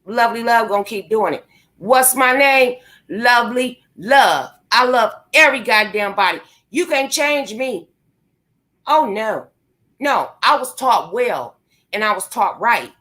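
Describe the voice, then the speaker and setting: A woman's voice: a little high, lively intonation, a little slow, a bit bright. A woman vlogger, delivering a profane, confrontational rant to her viewers. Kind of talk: angry rant to camera.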